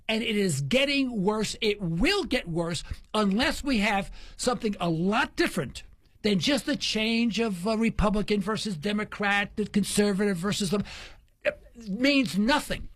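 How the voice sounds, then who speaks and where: This talk radio host, a man with a high-pitched voice at a moderate pace, spins casual stories and acts out what each person said. He's an animated storyteller, and the recording carries no room sound.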